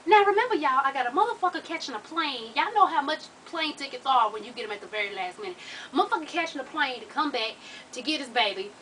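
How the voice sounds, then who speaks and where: A woman vlogger telling a personal story to her viewers in an animated, profane, slang-heavy way. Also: high voice, fast, distant mic, slight background noise, rough recording.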